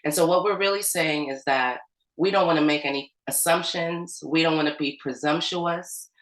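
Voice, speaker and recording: Poor audio and a roomy sound frame this clip of a woman speaking in a low voice at a moderate pace. She's an American community organizer recounting a personal story at an organizing meeting. Her delivery is loose and chatty, full of "um" and "like."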